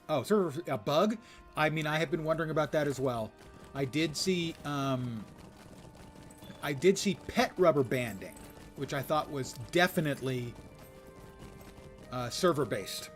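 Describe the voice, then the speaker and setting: An older man casually commenting on his gameplay while streaming, chatty and wry, with muttered asides to chat. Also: medium pitch. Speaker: game streamer.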